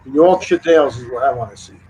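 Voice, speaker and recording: An American man in casual chat, speaking hesitantly with halting restarts and easy laughter. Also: medium pitch, mellow, low-quality recording.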